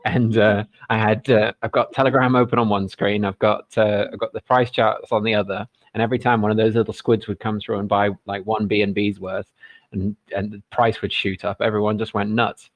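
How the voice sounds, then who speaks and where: A man's voice: lowish voice, little pitch movement, a little fast, no echo. A man with a British accent, a community moderator, joking and laughing often in a casual voice chat.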